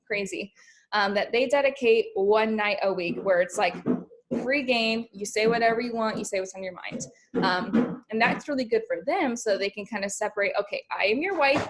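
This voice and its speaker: A young adult woman, a personal development coach, talking casually with her group and filling her speech with "like" and "um". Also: medium pitch. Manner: chatty, fills speech with "like" and "um".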